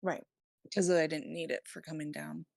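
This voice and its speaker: A woman playing a tabletop game, calmly explaining what her character does. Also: sits low, normal speed, vocal fry, no echo, clean studio sound. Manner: matter-of-fact, explaining her moves. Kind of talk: casual chat.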